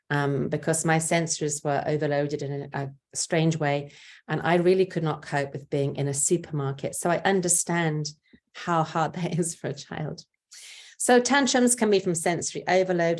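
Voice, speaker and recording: Low-voiced older woman giving gentle parenting advice. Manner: gentle, patient explaining with acted examples. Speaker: parenting speaker. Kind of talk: parenting talk.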